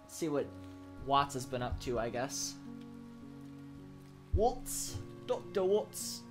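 A man's voice: mid-range voice, big pitch swings, slow, music in the background. A young man giving casual gameplay commentary as a let's play host, rambling and joking, swearing and laughing often.

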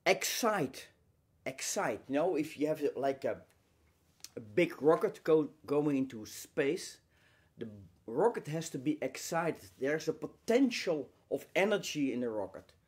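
A man giving an inspirational lecture, emphatic and full of rhetorical questions, speaking in short phrases with pauses and repeating key words. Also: on the high side, expressive, a little mellow, breathy edge.

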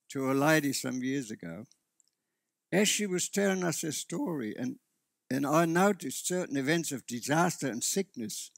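Male pastor, gravelly, earnest sermon delivery, restarts mid-sentence. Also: on the high side, dry recording, studio quality. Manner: earnest preaching with frequent restarts. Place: church.

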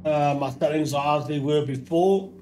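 A man with a Geordie accent hosting a casual game commentary, his voice croaky from flu, talking in a relaxed, rambling way with many ums. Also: a little high, moderate pace, noisy background. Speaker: gaming channel host.

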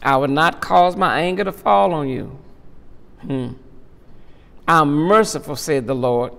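Gravelly and a bit bright, this middle-aged pastor's slightly high voice moves a little slowly through a Bible study. He drives points home by repeating himself and building to impassioned peaks, and the sound carries a large hall's long reverb.

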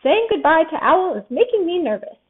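Woman doing a tiny nervous piglet, squeaky and high, storybook reading over tinny audio. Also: very animated, a little fast. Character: tiny timid young male piglet.

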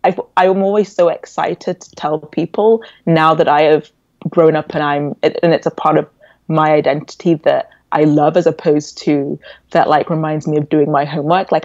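A woman in her twenties with an English accent, raised in England after a Nigerian birth, telling stories as a podcast guest in an animated, reflective way. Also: deep voice, no room sound. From born in Nigeria, raised in England. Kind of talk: casual interview chat. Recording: dull, dry lo-fi audio.

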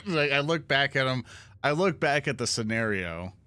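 Male tabletop player, excitable, swearing, bright tense voice. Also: mid-range voice, a little slow, dry recording. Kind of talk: casual tabletop play.

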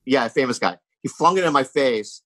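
A man's voice: mid-range voice, expressive, brisk, a bit bright, no echo. A man guest on a comedy podcast, telling rambling stories in casual chat and saying "you know what I mean" often.

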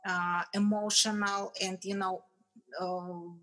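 Woman, English, mid-pitched voice, frequent restarts, casual interview guest. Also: slow. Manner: animated, restarts often, laughs between phrases. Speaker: guest, retired fitness champion.

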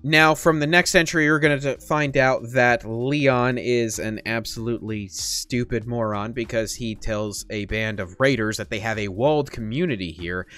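A man's voice: lowish voice, pushed and bright. A man hosting a gaming channel, giving playful, joking gameplay commentary in a chatty way.

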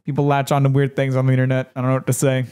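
A young man co-hosting a podcast, chatting casually and tossing in quick jokes. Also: mid-range voice, completely flat delivery, warm tone, clean tone. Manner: joking, wisecracking. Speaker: podcast co-host. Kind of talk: casual chat.

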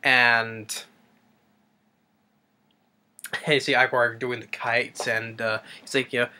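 Speaking slowly in a flat, mid-range voice with a sharp tone, this man is a movie reviewer casually retelling a film's story. He wanders and hesitates, leaning on fillers and restarting often.

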